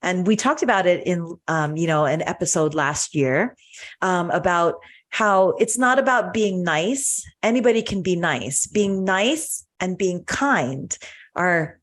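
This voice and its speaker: A woman's voice: lowish voice, expressive, a little slow, a bit bright. Earnest woman telling a story on a podcast. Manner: earnest, storytelling with fillers and restarts. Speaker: podcast co-host, doctor. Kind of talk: casual podcast chat.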